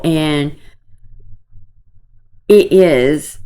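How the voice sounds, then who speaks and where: A woman's voice: lowish voice, lively intonation, takes it slowly. A woman giving casual, opinionated gossip commentary to her viewers, scornful and talking to them directly. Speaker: commentary vlogger.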